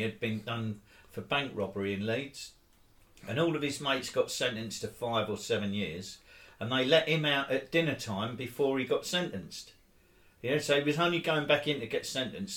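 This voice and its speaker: A man, co-hosting and telling a rambling story in casual chat, laughing and bursting into loud bits. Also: mid-range voice. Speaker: co-host, storyteller. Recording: echoey room.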